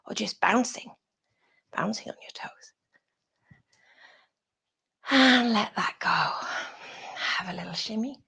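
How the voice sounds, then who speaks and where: A British woman teaching a yoga class over a video call, giving soft breathy cues that often drop to a whisper. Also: medium pitch. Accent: British English.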